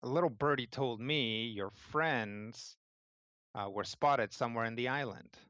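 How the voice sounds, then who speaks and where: A stern woman enforcer who threatens in a low, cold voice, as a man puts her on. She speaks quietly and keeps a hard edge. The sound is dry and slightly muffled. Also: measured pace, dry recording. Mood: menacing. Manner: cold and menacing.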